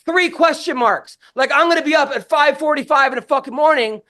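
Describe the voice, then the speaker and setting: A man's voice: very high-pitched, fairly quick, pushed and bright. A man hosting a podcast, telling stories in casual chat with constant swearing, restarts and rambling. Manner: profane, rambling storytelling with many restarts. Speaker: podcast host.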